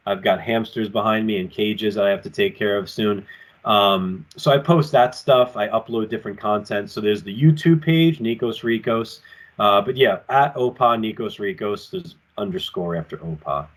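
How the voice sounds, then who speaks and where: A man who wrestles professionally, guesting on a podcast from his apartment and telling stories in a loose, rambling way, acting out what others said. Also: fairly low pitch. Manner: rambling and animated, acting out quotes. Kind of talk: casual storytelling in an interview. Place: home apartment with collectibles shelves.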